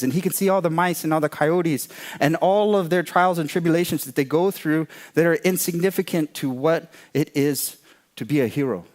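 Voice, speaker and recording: A man telling a traditional folk tale aloud in an unhurried, dramatic way. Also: on the high side. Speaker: storyteller. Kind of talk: oral storytelling talk.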